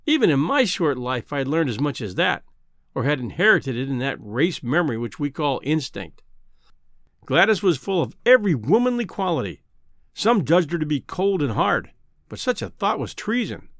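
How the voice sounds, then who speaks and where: A man narrates a classic novel in a measured, literary way. His voice sits somewhat high and moves with lively expression. The recording is close and dry. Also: dry recording. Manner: measured, old-fashioned literary reading. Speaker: audiobook narrator. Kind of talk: scripted narration.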